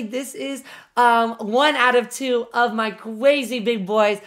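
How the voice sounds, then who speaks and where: A woman streamer chatting casually on a live reaction stream, excitable, swearing often and doting on her pets. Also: on the high side, slow.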